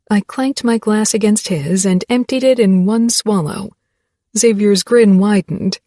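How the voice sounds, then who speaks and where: A woman's voice: medium pitch, unhurried, mellow, dry recording, studio quality. A woman narrating a first-person romance audiobook with a wry, playful manner.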